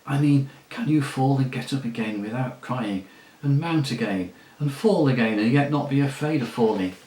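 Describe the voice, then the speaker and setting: A proud talking war horse with a brisk, bossy edge and a scornful streak, as a man reads him out in a storybook. The voice sits at an ordinary male pitch and echoes a little in a roomy space. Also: a little mellow, lightly acted. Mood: brisk, commanding. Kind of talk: audiobook reading.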